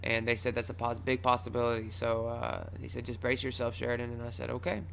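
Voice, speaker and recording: A young man casually telling a wild personal story on his vlog, swearing freely, rambling, and acting out his own shouts. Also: mid-range voice, completely flat delivery, quick pace, gravelly, slight background noise. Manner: loose and profane, acts out his own shouts.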